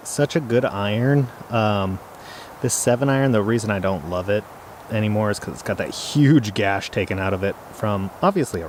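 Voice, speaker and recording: A man's voice: lowish voice, darkish tone, a little hiss or hum. A man vlogging as he plays a round of golf outdoors in the cold, slightly out of breath and self-deprecating. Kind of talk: casual talk to camera while golfing.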